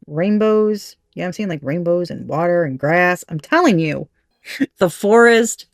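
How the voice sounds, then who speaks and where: A woman's voice: lowish voice, animated, a little slow, creaky, no room sound. Woman, casual tarot reading, profane, laughs a lot, dry close sound. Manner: candid, profane, laughing, acts out quoted voices. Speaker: tarot reader.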